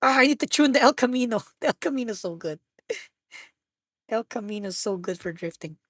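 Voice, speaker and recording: A young woman streaming a driving game, excitable and stammering, often squealing and laughing as she drives. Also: fairly high pitch, fairly quick, no echo. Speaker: automotive VTuber streamer. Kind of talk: live gaming stream commentary. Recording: car engine noise behind.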